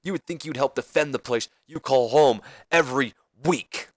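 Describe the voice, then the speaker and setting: A man voicing a brash, cocky male wrestler who loudly taunts and challenges the champion in a wrestling game promo. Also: mid-range voice, normal speed, no room sound, studio quality, natural voice. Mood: taunting. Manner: taunting, challenging, raised and loud.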